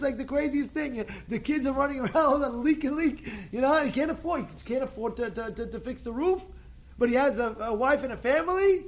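A man giving an informal Torah class to a group, animated and repetitive, swinging from quiet asides to shouted urging and scattering Hebrew blessings through his talk. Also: extremely high pitch. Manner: peppers speech with Hebrew blessings.

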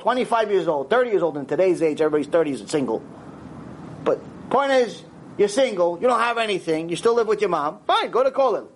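High-voiced rabbi, animated storyteller. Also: male voice, a little hiss or hum. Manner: animated storytelling, acts out dialogue, sprinkles Hebrew words. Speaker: rabbi teaching a Torah class. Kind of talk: lively Torah lecture.

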